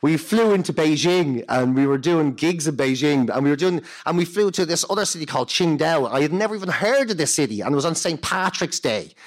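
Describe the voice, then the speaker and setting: A man's voice: a little high, brisk, few pauses. A man with a Dublin accent, a comedian telling tour stories in casual chat, laughing often. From Ireland. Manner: animated anecdotes, laughs often, acts out voices in quotes. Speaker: stand-up comedian guest.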